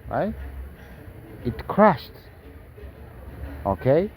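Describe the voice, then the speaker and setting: A man reading news reports aloud and breaking in with sarcastic commentary, halting often and tagging lines with questions. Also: fairly high pitch, very animated, a little mellow, rough recording. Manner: halting, with many fillers and restarts.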